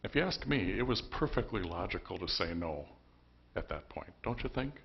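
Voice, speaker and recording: A man's voice: deep voice, big pitch swings, normal speed, creaky, dull audio. A man preaching a sermon as pastor, telling the story conversationally with emphatic bursts. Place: church.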